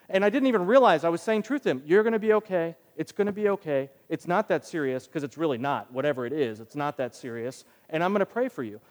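Pastor preaching in a reverberant hall. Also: male voice, sits high. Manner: animated storytelling, acting out other voices. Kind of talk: sermon.

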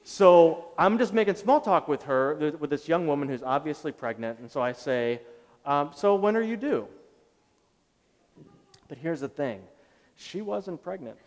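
Middle-aged pastor guy preaching, animated self-deprecating stories, slightly high voice, big echoey church hall. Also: measured pace. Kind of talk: sermon with personal storytelling. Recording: long reverb of a large hall.

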